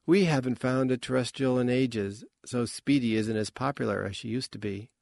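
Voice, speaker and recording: A man's voice: mid-range voice, normal speed, creaky, darkish tone, dry recording, natural voice. A man voicing a wry guarded young woman. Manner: murmuring, dry asides.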